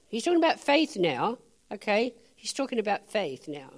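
A woman's voice: fairly high pitch, very animated, moderate pace, darkish tone. A woman preacher giving a chatty sermon, laughing often and adding playful asides.

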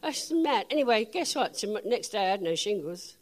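Lively older woman preaching with laughs. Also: mid-range voice, a little fast. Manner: animated, laughing often, acting out dialogue. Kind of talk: sermon with humorous personal stories.

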